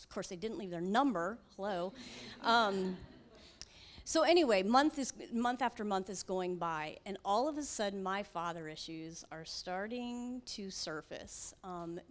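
A woman tells her personal testimony to a church audience. She talks in an animated storytelling way, acting out her own prayers and other people's remarks. She is candid and pokes fun at herself in quick asides. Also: mid-range voice. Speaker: guest speaker giving her testimony.

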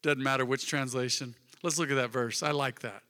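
Reverberant preacher, bright and emphatic. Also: male voice, mid-range voice, fairly even intonation, brisk. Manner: swings from loud emphatic bursts to soft intimate murmurs. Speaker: pastor. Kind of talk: sermon. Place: church sanctuary. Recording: long reverb of a large hall.

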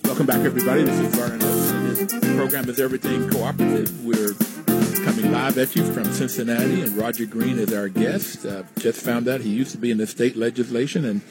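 A man's voice: medium pitch, fairly even intonation, fairly quick, over loud music. A man hosting a radio interview show, speaking upbeat and addressing the listeners directly.

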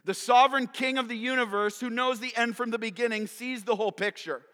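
A man preaching a sermon as pastor, swinging from hushed whispers to loud shouts and acting out characters playfully. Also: extremely high pitch, steady tone, a little fast. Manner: dynamic preaching, dropping to whispers and rising to shouts; acts out characters in playful voices. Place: church sanctuary. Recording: long reverb of a large hall.

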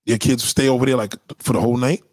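A man's voice: mid-range voice, fairly even intonation, fast talker, a little mellow, dry recording. A man hosting a casual interview, probing with incredulous questions and frequent exclamations.

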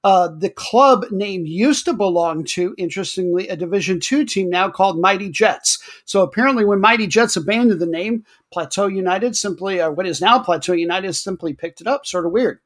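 A man's voice: high voice, normal speed, hardly any pauses, fairly bright tone. A man hosting a podcast, talking casually through football stats with wry, chatty asides. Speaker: podcast host.

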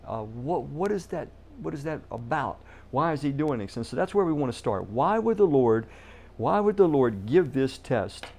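A man's voice: mid-range voice, darkish tone. A middle-aged man preaching a sermon as pastor, emphatic and repeating key words for stress.

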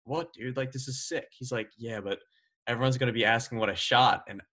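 A young adult man casually telling a story as a guest golfer, animated, laughing as he talks and saying "like" often. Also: mid-range voice, fairly quick, crowd noise. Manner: animated, laughs while telling, many fillers of "like".

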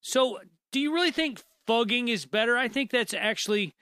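A man's voice: very high voice, animated, normal speed, pushed and bright, clear, resonant tone, dry recording. A man co-hosting a podcast, reading news aloud and joking, laughing and swearing often. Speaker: podcast co-host.

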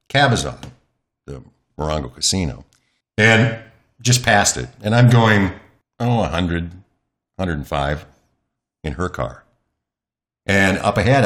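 Deep-voiced man telling a lively story. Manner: animated anecdotal storyteller, chatty with fillers. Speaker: news anchor as interview guest. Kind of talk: candid interview storytelling. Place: his home.

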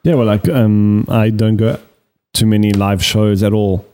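A man's voice: fairly low pitch, steady tone, unhurried, warm tone, clean tone. A man co-hosting a podcast, chatting in an easygoing, musing way. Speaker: podcast co-host. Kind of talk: casual chat. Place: podcast studio set with lights.

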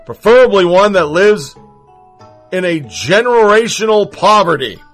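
A man's voice: sits high, a bit bright. A man voicing a preachy, demanding older woman with a Southern US accent, drawling and emphatic.

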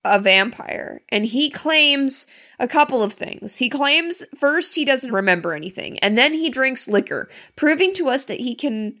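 A woman co-hosting a casual film discussion, recapping scenes in an animated way. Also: high-pitched, unhurried. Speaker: podcast co-host.

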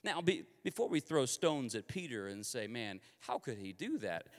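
A man from Kansas preaching a sermon in a lively, conversational and confessional way, with a long hall reverb on his voice. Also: mid-range voice, normal speed.

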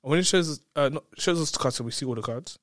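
A man telling a story in casual chat, excitable, laughing often and repeating words. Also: fairly high pitch, very fast, no echo, clean studio sound.

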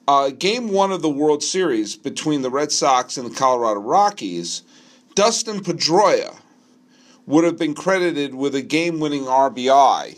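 A middle-aged man hosting a solo sports talk show, answering a listener question in an animated, argumentative way and slowing down to hammer his points. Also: fairly high pitch. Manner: animated, argumentative, slows down for emphasis. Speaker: podcast host.

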